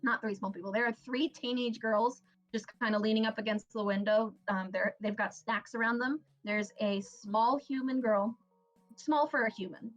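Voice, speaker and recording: A woman narrating a tabletop game as game master. She laughs often and keeps a relaxed pace. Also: on the high side, moderate pace. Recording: dull lo-fi, faint music.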